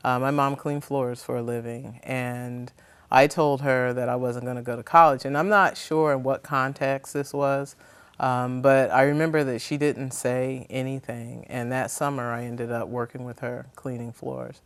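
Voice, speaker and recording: A woman in her fifties from New Jersey, answering interview questions thoughtfully with frequent pauses and ums. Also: rumbling low, flat delivery. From New Jersey, USA. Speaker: interview guest.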